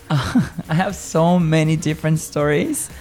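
A woman teacher tells travel stories in casual chat, animated and laughing often. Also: deep voice, slow, faint music behind. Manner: lively storyteller, laughs often.

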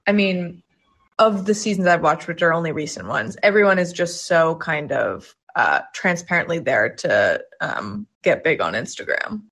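A woman in casual podcast conversation, chiming in with quick agreement and thoughtful asides. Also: sits low, expressive, fairly bright tone, husky. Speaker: podcast co-host or guest.

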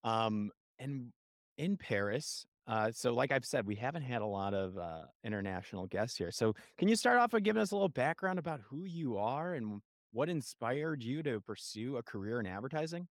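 A man's voice: medium pitch, big pitch swings, moderate pace, no echo, studio quality. A man with a Chicago accent hosting a podcast interview, talking with energy and enthusiasm. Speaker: podcast host.

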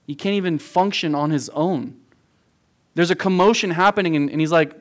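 Youth pastor guy preaching, kinda high voice, really earnest, keeps repeating stuff for emphasis. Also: brisk. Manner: earnest and emphatic, repeats phrases for stress, addresses listeners as "guys". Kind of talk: verse-by-verse sermon to a youth group. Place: room with a youth audience.

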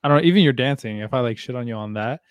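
A man in a casual podcast chat, rambling fast and profanely in an animated way. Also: mid-range voice, clean tone, no echo. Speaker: podcast co-host.

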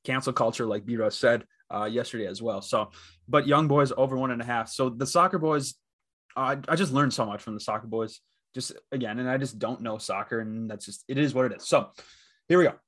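A man's voice: medium pitch, a little fast, a bit bright. A man from the Dakotas hosting a sports betting podcast alone, talking casually and rambling with lots of fillers and restarts. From Midwest, the Dakotas. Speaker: podcast host.

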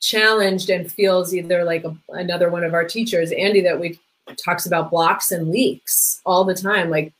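This lowish, slightly bright voice belongs to a middle-aged parenting coach, speaking at normal speed with fairly even intonation on a low-quality recording. In casual podcast conversation she's chatty about parenting, says "like" a lot, and briefly plays out the voices of people she quotes.

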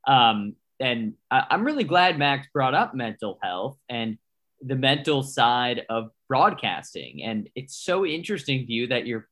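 A man's voice: mid-range voice, big pitch swings, measured pace, fairly bright tone. A man who is a broadcaster, hosting a casual interview and asking long, rambling questions with enthusiasm. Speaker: podcast host and broadcaster.

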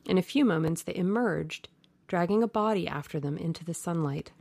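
A woman narrating a classic novel aloud in slow, measured storytelling. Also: lowish voice, gravelly, a little mellow, dry recording. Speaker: audiobook narrator.

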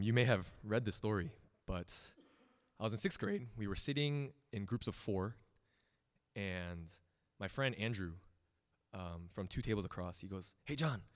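A man's voice: deep voice, clear, resonant tone. A young man giving a casual sermon as pastor, telling personal stories, often laughing and acting out the voices of others. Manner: animated, laughs often, acts out quoted voices. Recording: long hall reverb.

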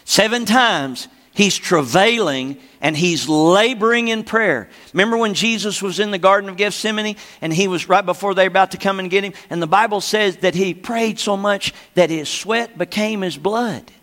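A man's voice: high voice, normal speed, hardly any pauses, fairly bright tone. An older man preaching a sermon, emphatic and repeating phrases, often asking the congregation for an amen. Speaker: pastor. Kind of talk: sermon teaching. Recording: long hall reverb.

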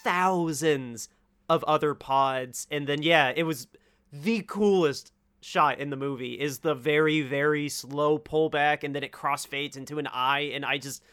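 A man chatting about a movie he loved, enthusiastic and quick to laugh. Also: on the high side, fairly bright tone, smooth. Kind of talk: casual movie review chat.

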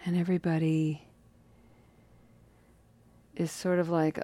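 A woman telling a story in a casual, lively, playful way with drawn-out phrasing. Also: on the low side.

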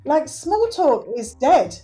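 A woman's voice: sits high, takes it slowly, faint music behind. A middle-aged woman, a guest in an interview, speaking earnestly and acting out quotes. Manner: earnest, animated, acts out quotes. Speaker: guest, works with children. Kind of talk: conversational interview.

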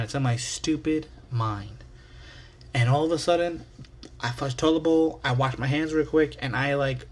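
A man's voice: mid-range voice, a bit bright. A young man hosting a casual solo podcast, rambling through a story in a self-mocking way and swearing freely. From New York area. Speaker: podcast host.

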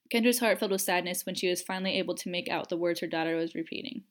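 A woman narrating a fan fiction audiobook with measured, expressive storytelling. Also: lowish voice.

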